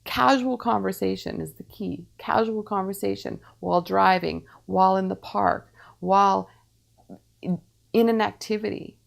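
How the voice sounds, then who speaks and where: A woman acts as a medium and gives channeled spiritual guidance. Her voice is thick with vocal fry, and her pitch sits in an ordinary middle range. She speaks in measured, repeating phrases and leaves calm pauses between them.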